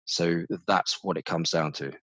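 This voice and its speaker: A middle-aged man, chatting casually as an interview guest, animated, often restarting his sentences. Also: low voice, measured pace, dry recording. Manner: animated, restarts often, mimics others' voices. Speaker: marketing manager, interview guest.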